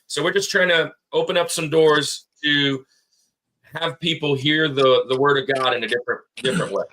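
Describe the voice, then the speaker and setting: A man's voice: on the high side, steady tone, normal speed, pushed and bright. A man co-hosting a casual podcast, rambling and laughing as he tells stories. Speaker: podcast co-host.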